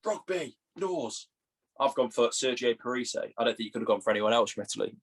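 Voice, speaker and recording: Husky young Englishman, jokey banter. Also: mid-range voice, expressive. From England. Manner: jokey, teasing, quick to laugh. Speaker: podcast co-host. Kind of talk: casual banter.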